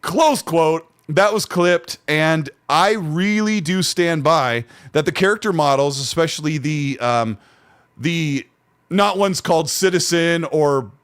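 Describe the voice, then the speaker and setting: A man's voice: a little high, takes it slowly, a bit bright, smooth, dry recording. A man hosting a casual podcast chat, conversational, at times reading aloud from his notes. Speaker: podcast host.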